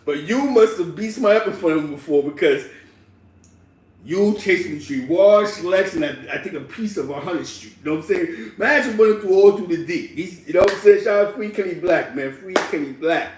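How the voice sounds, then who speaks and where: A man telling a street story in slangy, animated casual talk, laughing and acting out the people in it. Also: high-pitched, fairly quick, a little hiss or hum. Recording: roomy echo, distant mic, faint ambience.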